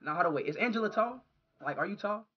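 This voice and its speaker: A man live streaming who reacts loudly to a talking app, yelling, cursing and talking in slang. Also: high-pitched, lively intonation, fast talker, slightly rough, lo-fi sound.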